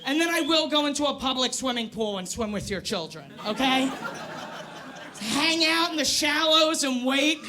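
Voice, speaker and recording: A woman's voice: sits high, expressive, moderate pace, noisy background. A woman in her forties doing a brash, profane stand-up comedy set on a comedy club stage, teasing the crowd. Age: 40s.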